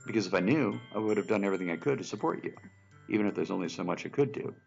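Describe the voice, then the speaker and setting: A man with a low, gravelly voice hosts a casual let's play and reads the game's story lines with flair. His pitch moves a lot as he jokes. The recording sounds dull, with music behind. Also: lively intonation, rapid-fire, darkish tone. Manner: laughing, jokey, reads story lines dramatically. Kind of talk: casual game commentary and reading aloud.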